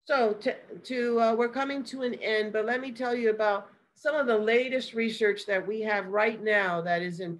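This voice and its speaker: Woman, academic lecture, measured and explanatory, mid-pitched voice. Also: poor audio. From United States. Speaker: guest lecturer.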